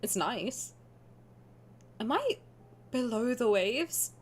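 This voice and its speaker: A woman's voice: fairly high pitch, very slow, husky. Chatty young woman streamer reading aloud. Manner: animated, chatty, laughs often, reads aloud then riffs. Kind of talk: game playthrough, reading narration and reacting.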